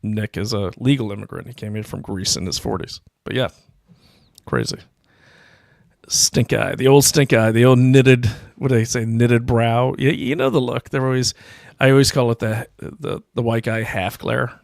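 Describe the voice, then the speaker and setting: The gravelly, mid-range voice of a middle-aged man comes through dry and studio-clean from a desk mic on his self-produced livestream. At a moderate pace and with fairly even intonation, he wanders through anecdotes and reads out viewer comments in a casual, self-deprecating way.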